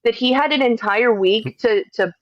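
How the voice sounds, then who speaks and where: A woman's voice: a little high, normal speed, no room sound. Exasperated swearing woman on a cheap mic. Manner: exasperated, swears often, hesitant restarts. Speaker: streamer responding to accusations. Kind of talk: livestream chat. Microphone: cheap microphone. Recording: dull lo-fi mic.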